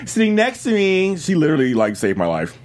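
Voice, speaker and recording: A man in his fifties hosting a talk show, excitable and quick, often laughing. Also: on the high side. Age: 50s. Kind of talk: upbeat show host intro and guest roll call.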